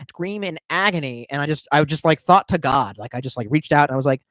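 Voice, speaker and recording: A man's voice: on the high side, lively intonation, a little fast, no echo. A young man streaming, telling a long rambling story in casual, profane talk.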